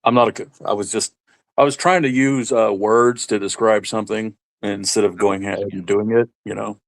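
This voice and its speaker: A man co-hosting a casual live-stream chat, rambling and halting with many fillers and restarts. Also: on the low side, fairly even intonation, vocal fry. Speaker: stream co-host.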